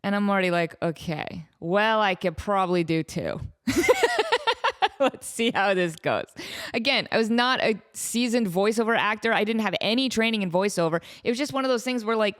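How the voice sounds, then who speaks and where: A woman's voice: mid-range voice, a little fast, a bit bright. A woman in her thirties hosting a podcast, telling a story with a self-mocking, laughing delivery. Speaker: podcast host. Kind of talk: casual comedic storytelling.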